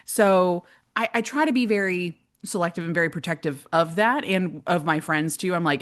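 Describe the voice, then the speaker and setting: A woman guest on a podcast, chatty and animated as she tells stories. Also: fairly low pitch, moderate pace, few pauses. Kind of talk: casual interview.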